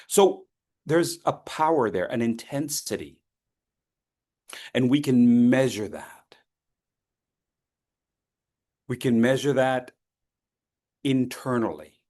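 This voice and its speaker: A man leading an online public speaking workshop, coaching participants and swinging between loud and soft to demonstrate. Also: mid-range voice, big pitch swings, takes it slowly, long pauses.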